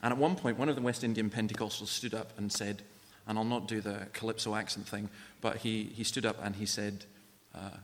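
A man's voice: on the low side, fairly even intonation, a little fast, fairly bright tone. A man giving an earnest, personal evangelistic talk in a church. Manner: earnest, personal, conversational testimony. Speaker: guest speaker and author. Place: large church. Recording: long church reverb.

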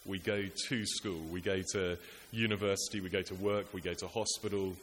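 A man's voice: sits low, flat delivery, brisk, a bit bright. A man preaching a sermon, earnest and rhetorical, building his points through repetition and lists. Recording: echoey hall with faint hiss.

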